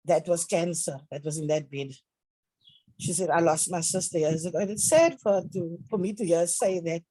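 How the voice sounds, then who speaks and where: A middle-aged woman speaking haltingly and tearfully as a grieving mother, heard over a video call. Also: lowish voice, no room sound, low-quality recording. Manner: halting, tearful, soft-spoken. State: crying at times. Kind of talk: emotional conversation.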